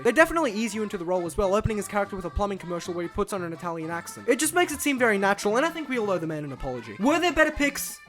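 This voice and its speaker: A man narrating a comedic video essay as a film reviewer, sarcastic and animated. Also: high voice.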